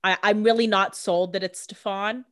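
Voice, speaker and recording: A woman's voice: mid-range voice, fairly even intonation, moderate pace. A woman co-hosting a podcast, chatting casually about a TV episode, often restarting and repeating words. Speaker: podcast co-host. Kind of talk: casual TV episode recap chat.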